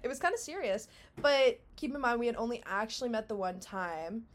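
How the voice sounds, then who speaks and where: A woman's voice: fairly high pitch, expressive, fairly quick. A young woman from Canada co-hosting a casual podcast. She talks in a chatty, self-mocking way and often laughs at herself. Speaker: podcast co-host. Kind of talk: casual chat.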